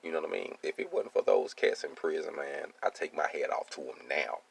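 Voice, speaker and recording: Man: a very low voice with gravel in it, casual and streetwise, keeps checking in with the listener. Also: a little fast. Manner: streetwise, keeps asking "you see what I'm saying". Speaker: welding business owner. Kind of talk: casual personal monologue.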